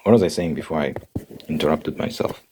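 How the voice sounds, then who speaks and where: A man with a very low voice, doing whispered role-play. He rambles and jokes, slipping between breathy whispers and soft talk. A loud steady noise sits under his voice. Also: fairly quick. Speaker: ASMR creator.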